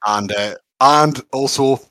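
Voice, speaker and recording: A man's voice: mid-range voice, takes it slowly, sharp tone, dry recording. A man, co-hosting a podcast in enthusiastic casual chat, with lots of fillers. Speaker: podcast co-host.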